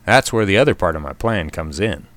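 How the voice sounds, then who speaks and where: A man's voice: low voice, animated, brisk, a bit bright, dry recording. A man hosting a short outdoors radio segment, reading a scripted commentary in a wry, self-deprecating way.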